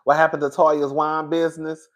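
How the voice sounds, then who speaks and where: A man giving a sassy, animated live-stream review, reading chat as he goes, calling viewers "girl", laughing often and swearing freely. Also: a little high, moderate pace. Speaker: reality TV show reviewer.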